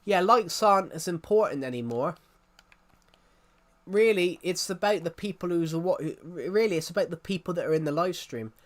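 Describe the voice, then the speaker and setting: A man's voice: sits high, animated, moderate pace. Rambling British-raised man on stream. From United Kingdom. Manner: rambling, laughing, frequent restarts. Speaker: live streamer. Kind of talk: casual live-stream chat.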